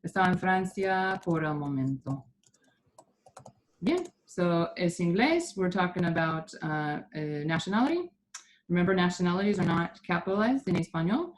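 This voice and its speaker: Low-voiced woman teacher, patient, explains grammar step by step; faint noise behind. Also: expressive, normal speed. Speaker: Spanish teacher. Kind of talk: online Spanish class.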